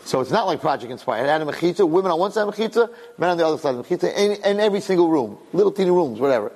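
A middle-aged man, a rabbi, telling stories to an audience in an animated way, repeating phrases and acting out dialogue. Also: a little high, racing. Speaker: rabbi and speaker. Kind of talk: storytelling talk to an audience. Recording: long reverb in a hall.

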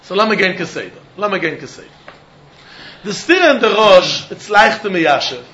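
A man explains a Talmud passage in a lilting, repetitive sing-song. His voice sits high for a man and sounds bright and forceful. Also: sing-song, a little fast, lo-fi sound, a little hiss or hum. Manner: sing-song, repeats key points, mixes in Hebrew and Yiddish terms. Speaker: Talmud teacher. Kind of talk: Talmud lesson.

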